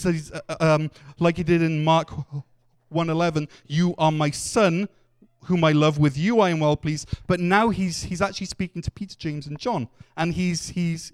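A man's voice: fairly high pitch, darkish tone, clear, resonant tone. A man preaching a sermon, telling the story earnestly and acting out the quotes. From Wales.

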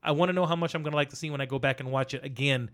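A middle-aged man co-hosting a podcast, chatting casually about a movie in a rambling, animated way. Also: medium pitch, racing. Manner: rambling, animated storyteller, acts out quotes. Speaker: podcast co-host.

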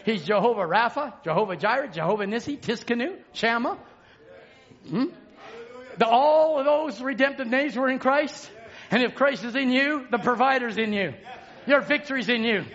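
A male preacher delivering a sermon, shouting in a repetitive, chanting cadence. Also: very high-pitched, highs cut off.

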